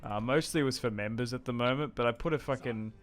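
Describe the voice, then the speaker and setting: Laid-back sweary Australian streamer. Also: male voice, mid-range voice, quick pace. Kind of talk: casual gaming commentary.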